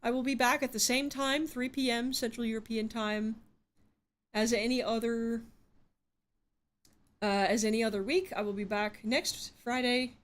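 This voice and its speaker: A woman streaming a game, talking casually to her chat, frustrated and swearing, rambling with restarts. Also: on the high side.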